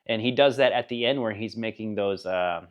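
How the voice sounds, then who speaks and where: A man's voice: fairly low pitch, moderate pace, lo-fi sound. A man giving a casual spoken book review, rambling and enthusiastic, laughing now and then at the funny parts.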